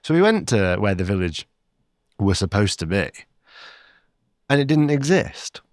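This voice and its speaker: A man co-hosting a travel podcast, telling stories in a relaxed, chatty way. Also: fairly low pitch, unhurried, no echo, studio quality. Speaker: podcast co-host. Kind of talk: casual chat.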